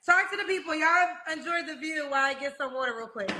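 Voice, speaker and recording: A woman's voice: high-pitched, animated, fast, pushed and bright, rough recording. A woman hosting a live dating show, friendly and addressing the guest as honey, with a cough. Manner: friendly, calls people honey. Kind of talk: interview chat.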